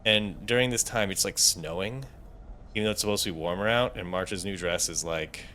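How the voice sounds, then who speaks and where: A young man chatting casually and rambling as he recaps a story, dropping into quick impressions of the characters. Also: low-pitched, a little hiss or hum. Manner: rambling, animated, acts out characters' quotes in passing. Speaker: podcast co-host. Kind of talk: unscripted casual chat, recapping a game story.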